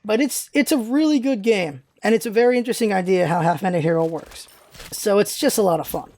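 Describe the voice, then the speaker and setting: A man's voice: high-pitched, a little fast, a little mellow. A man hosting a casual vlog, rambling loosely with many fillers and restarts. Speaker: vlog host. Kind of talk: casual chat.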